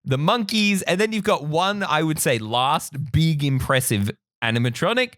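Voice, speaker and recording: Man, soft australian accent, lively pitch, dry close sound, casual podcast chat. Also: no echo. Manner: animated, laughs often, quick tangents. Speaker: podcast co-host.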